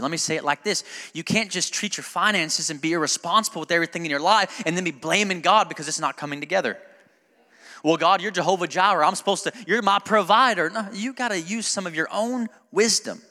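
A man's voice: fairly high pitch, lively intonation, brisk, bright, forceful tone, in a large hall. A male pastor preaching a sermon in a conversational, joking way that builds to emphatic preaching, recorded in a church sanctuary.

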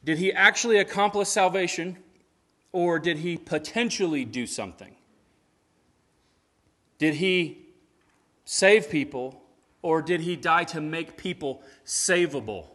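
A man's voice: on the high side, expressive, a little slow, pauses often, a bit bright. A male pastor reading scripture and preaching a sermon at a church service, earnest and building his points with rhetorical questions.

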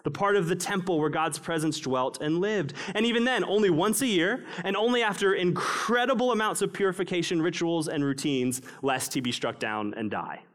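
A male pastor preaching a sermon, swinging between raised, emphatic passages and hushed, low ones. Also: animated, normal speed, hardly any pauses.

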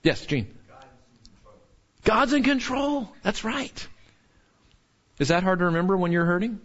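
A man's voice: high-pitched, a bit bright, muffled recording. A man teaching a Bible lesson to a class in a conversational way, often asking "right?" and repeating key points for emphasis.

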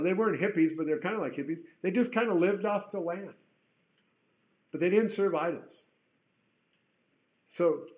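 A man's voice: a little high, a little mellow. A man teaching through Bible passages verse by verse, reading aloud and breaking off into casual, conversational asides. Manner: conversational, with chatty asides between read verses. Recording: dull lo-fi recording.

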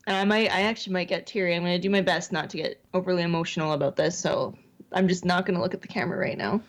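A woman's voice: on the low side, fairly even intonation, racing. Female co-host, casual chat, earnest and candid delivery. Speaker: podcast co-host.

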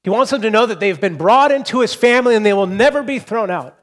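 A pastor in his forties delivers a sermon in a relaxed, conversational way. His voice sits fairly high for a man. He often restarts and repeats words, and he moves between loud emphasis and a soft hush. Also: fast talker. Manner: shifts between loud emphasis and hushed softness.

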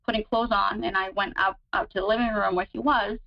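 A woman recounts a personal relationship story in relaxed, rambling conversation. She leans on fillers and restarts, and her voice leaps higher when she acts out alarming moments. The audio is a little dull and lo-fi. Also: fairly quick, vocal fry. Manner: chatty, many fillers, relives moments with sudden higher pitch. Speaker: guest describing her relationship. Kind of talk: casual storytelling.

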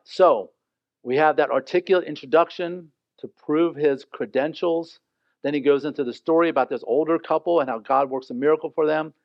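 A male pastor teaching a Bible passage in a sermon, animated and joking. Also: fairly high pitch, dry recording. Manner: animated, joking, acts out the characters. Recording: dull, dry recording.

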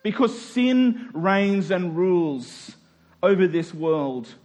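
Male pastor, sermon, high-pitched voice, emphatic, slows for emphasis. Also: lively intonation, darkish tone. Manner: emphatic, slows down to stress key words.

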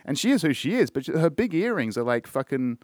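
A man's voice: a little high, sing-song, fairly quick, dry recording, studio quality. A man hosting a casual music podcast, rambling and swearing often, full of fillers and restarts. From Australia. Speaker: podcast host.

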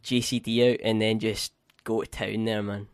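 A man's voice: on the low side, flat delivery, normal speed, clear, resonant tone, no echo, clean studio sound. A man co-hosting a podcast, chatting casually, rambling and restarting his sentences, swearing now and then. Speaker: podcast co-host. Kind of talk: casual chat.

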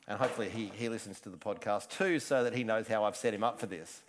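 A man's voice: lowish voice, fast, a little hiss or hum. A man preaching a casual sermon, chatty and joking, often restarting his sentences. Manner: chatty, self-interrupting, joking asides. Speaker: pastor.

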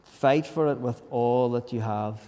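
A man's voice: mid-range voice, a little slow, warm tone, long reverb tail. A man preaching a sermon in a church, talking earnestly and conversationally, often restarting his sentences. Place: church during a service.

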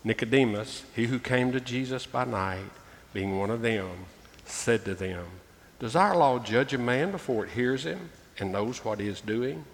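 A male pastor with a medium-pitched, expressive, slightly slow voice reads scripture aloud during a sermon, calling listeners "folks" with emphatic rises. The recording has long reverb and faint ambient noise.

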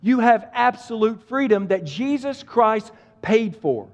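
High-voiced preacher in a reverberant hall. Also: male voice, lively intonation, measured pace. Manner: preaching with emphatic repetition and direct address. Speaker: pastor. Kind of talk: sermon.

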